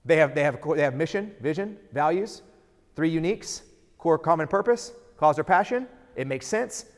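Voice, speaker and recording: A middle-aged man giving a motivational keynote speech, energetic and throwing rhetorical questions at the audience. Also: a little high, normal speed. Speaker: keynote speaker. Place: large event hall. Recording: hall reverb from a live event.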